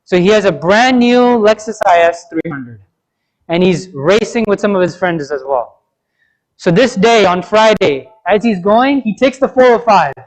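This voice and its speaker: High-voiced man telling a sermon story. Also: expressive, moderate pace, low-quality recording. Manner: conversational, tells a story with frequent "right?" and "you know". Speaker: preacher. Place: mosque.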